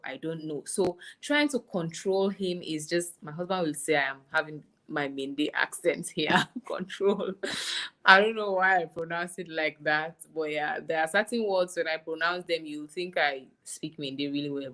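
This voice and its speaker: Low-voiced young woman. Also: fairly even intonation, moderate pace, fairly bright tone. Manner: candid, musing, thinks aloud with restarts. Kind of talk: casual chat.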